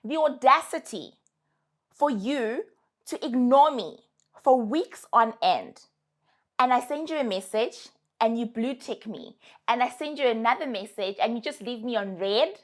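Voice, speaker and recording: A woman's voice: on the high side, unhurried. A young adult woman with a South African accent, giving casual, emphatic advice to her followers. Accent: South African English. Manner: animated, emphatic, sassy.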